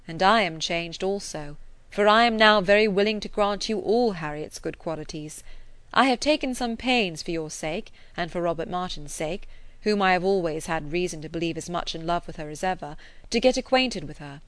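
Earnest older gentleman, read by a woman, emphatic, dry sound. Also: fairly low pitch, normal speed, no echo, close to an everyday voice. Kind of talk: audiobook character voice.

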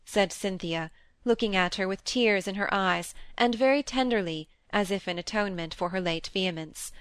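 A woman narrating a classic novel in a measured, even storytelling manner. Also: mid-range voice, clear, resonant tone, dry recording. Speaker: audiobook reader. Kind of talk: scripted narration.

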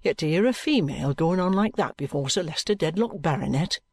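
Male reader as a calm, patronising detective: deliberate and firm, fairly high voice, dry recording. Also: no echo. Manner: cool, deliberate and coaxing.

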